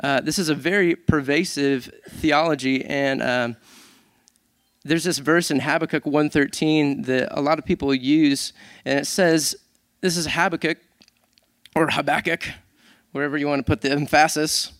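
A man who is a worship leader, giving a casual, animated sermon with self-deprecating humor. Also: fairly high pitch, normal speed, clean tone, dry recording, studio quality.

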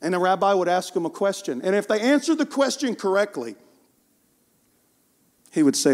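A man preaching a passionate sermon, rising to shouts and dropping to hushed storytelling. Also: a little high, expressive, normal speed, long pauses.

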